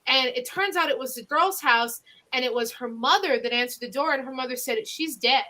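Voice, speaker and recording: A woman's voice: high voice, brisk, sharp tone. A woman with a Northeastern Pennsylvania accent, hosting a podcast and telling local ghost stories in a rambling way with many fillers and restarts. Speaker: podcast host. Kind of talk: casual ghost-story chat.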